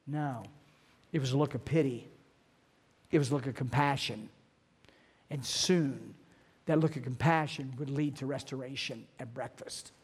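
A man's voice: a little high, a little mellow. Earnest man preaching a sermon. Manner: earnest, emphatic preaching with slowed, stressed phrases. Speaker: pastor.

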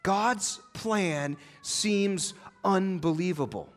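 A male pastor preaching a sermon, swinging between loud emphatic lines and hushed low ones. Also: extremely slow. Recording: long hall reverb.

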